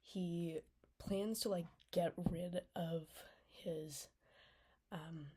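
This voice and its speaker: A woman's voice: on the low side, steady tone, very slow, mellow, breathy edge. A young woman recapping a TV series in a casual, rambling way, full of fillers and often dropping into a whisper. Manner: rambling, lots of "like", drops into whispers. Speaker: vlogger reviewing a TV series.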